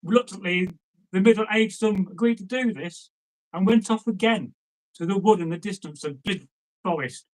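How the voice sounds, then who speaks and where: A man tells an old folk tale in a loose, conversational way. He wanders off into asides and then picks the thread back up, and his voice sits fairly high for a man. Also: normal speed, rough recording. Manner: chatty, digressive, with asides to the listener. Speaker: storyteller. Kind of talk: casual folk-tale storytelling.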